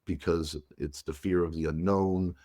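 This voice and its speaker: A man co-hosting a podcast, chatting casually and telling long, animated, teasing stories. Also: sits low, measured pace. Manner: animated, rambling storyteller, teasing. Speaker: podcast co-host. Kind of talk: casual chat.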